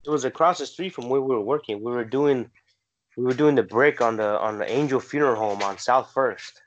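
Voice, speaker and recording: A man in casual conversation with friends, calmly adding details and corrections to a shared story. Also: mid-range voice, fairly quick. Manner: relaxed, adds details and corrections. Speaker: friend chiming in. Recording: dull lo-fi recording.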